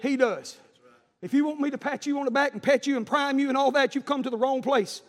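High-voiced preacher, booming hall. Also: male voice, a little fast. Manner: rising to shouted preaching, then dropping to folksy storytelling. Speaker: pastor. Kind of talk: fiery sermon. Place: church sanctuary. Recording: echoey church hall.

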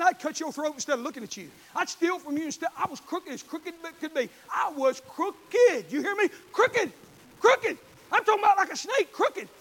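A man preaching a sermon in church, telling folksy stories with fervent bursts of shouting. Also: very high voice.

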